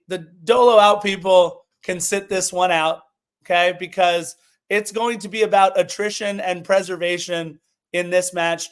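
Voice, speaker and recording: A man co-hosting a casual sports podcast, animated and opinionated as he previews a match. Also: high-pitched, smooth. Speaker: podcast co-host.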